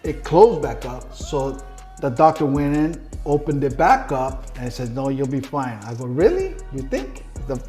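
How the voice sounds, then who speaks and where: A man's voice: mid-range voice, measured pace, dark tone, faint music behind. A middle-aged man telling his story in a casual interview, blunt and heavy on swearing, acting out the people he quotes. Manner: profane, blunt storyteller who acts out quoted dialogue.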